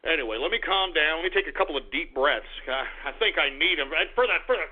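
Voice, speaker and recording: A man's voice: a little high, lively intonation, quick pace, husky. A man hosting an internet radio show, ranting in exasperation and cursing, with frequent sighs. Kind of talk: ranting call-out monologue. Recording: tinny phone-like line.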